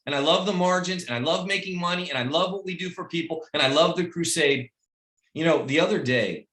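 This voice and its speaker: Emphatic middle-aged man, roomy echo. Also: sits low. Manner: emphatic and repetitive, swinging from loud pep-talk to quiet personal storytelling. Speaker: team leader addressing his recruits. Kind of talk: motivational speech on a video call. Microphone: video call.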